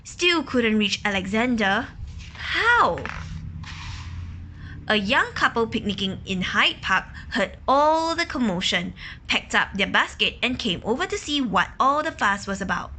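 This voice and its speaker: A woman reading a children's picture book aloud, pausing to ask questions, explain words and imitate quacking ducks. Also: on the high side, lively intonation, pushed and bright, slight background noise. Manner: imitates quacking and gasps for effect. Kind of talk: children's story read-aloud.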